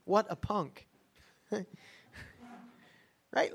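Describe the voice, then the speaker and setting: Speaking a little slowly, a pastor with a high, fairly bright voice gives an emphatic, conversational sermon. "Right?" comes up again and again as he checks in with his audience.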